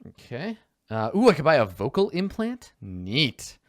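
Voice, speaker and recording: Young male player, casual and rambling, expressive delivery, dry recording. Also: medium pitch, unhurried, no room sound. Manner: rambling, swearing, muttering to himself. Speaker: player in a tabletop game show. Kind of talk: casual chat while building a character.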